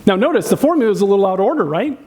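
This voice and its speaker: High-voiced man preaching animatedly. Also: very fast. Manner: animated, acts out spouses' complaints in a raised voice; conversational, asks the audience questions. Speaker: pastor. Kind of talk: sermon.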